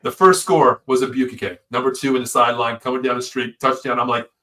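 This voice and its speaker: A man co-hosting a casual live sports talk show, an excitable storyteller who swears freely. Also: mid-range voice, quick pace. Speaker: podcast co-host.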